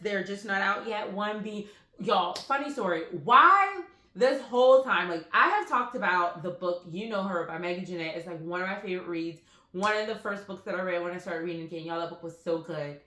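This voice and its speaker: A woman talks through her latest book purchases in a loose, rambling way, piling on fillers as she tells her stories. Her voice is bright and forward. She records on a phone in a room that gives her voice a noticeable echo. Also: medium pitch, a little fast. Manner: rambling, animated storytelling with frequent fillers. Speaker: book vlogger. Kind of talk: casual chatty book haul vlog. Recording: roomy echoey room.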